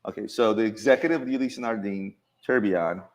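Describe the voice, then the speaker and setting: Brief: a man hosting an office chat, low-pitched, animated storyteller who restarts his sentences. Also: fairly quick. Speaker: show host. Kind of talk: casual chat among coworkers.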